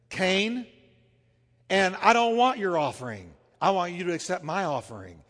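High-voiced preacher in an echoey hall. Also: male voice, expressive, normal speed, a bit bright. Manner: emphatic, repeats phrases, asks the congregation to say lines back to him. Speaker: pastor. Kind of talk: sermon.

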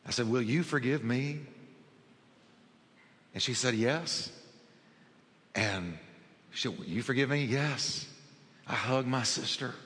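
A man's voice: medium pitch, takes it slowly, pauses often, fairly bright tone, in a large hall. A man preaching a sermon, telling a personal story and acting out the dialogue in it. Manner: storytelling, acts out quoted dialogue. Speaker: pastor.

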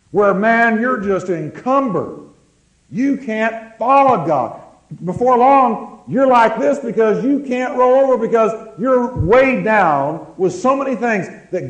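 A man preaching a sermon, calling on the congregation to answer and slowing down to stress words. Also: high-pitched, roomy sound, poor audio. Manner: preaching with call-and-response, slowing words for emphasis. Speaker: pastor.

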